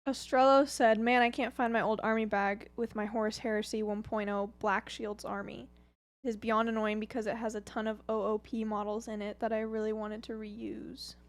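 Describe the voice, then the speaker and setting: A woman with a slightly high voice who giggles often as she banters. She co-hosts a casual livestream and reads out viewer comments. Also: flat delivery, normal speed. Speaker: livestream co-host reading chat.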